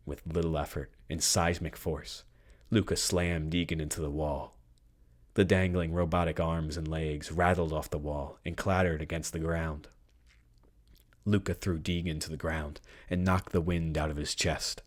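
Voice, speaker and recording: A man giving a dramatic reading of a story with measured delivery. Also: extremely low pitch, flat delivery. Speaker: audiobook narrator.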